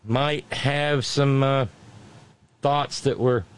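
A man's voice: mid-range voice, steady tone, drawn-out words, clear, resonant tone, poor audio. A man giving a casual political commentary monologue, mocking and sarcastic, often breaking off and restarting.

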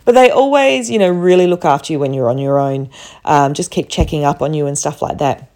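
A woman's voice: deep voice, a little fast, darkish tone. A woman from Australia with an Australian accent, telling a rambling travel story to camera with many fillers. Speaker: travel vlogger.

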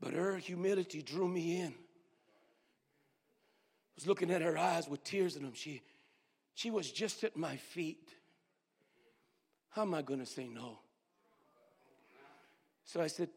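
Pastor, man, high-pitched, storytelling sermon, dynamic from booming to whispered, long church reverb. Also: expressive, a little slow, pauses often, breathy edge. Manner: swings between loud outbursts and hushed near-whispers. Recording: long reverb of a large hall.

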